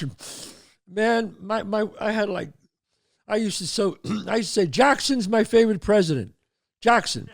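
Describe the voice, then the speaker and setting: A man, hosting and telling lively stories, acting out the voices of the people in them. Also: fairly high pitch, no echo, studio quality. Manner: animated storyteller, acts out quotes. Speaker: host. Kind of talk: storytelling chat.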